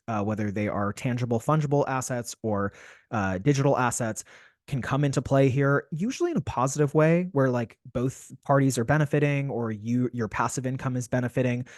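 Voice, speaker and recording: A man's voice: mid-range voice, no room sound. Playful chatty astrologer man, dry sound. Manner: chatty and playful, with frequent fillers and self-corrections. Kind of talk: weekly horoscope video talk.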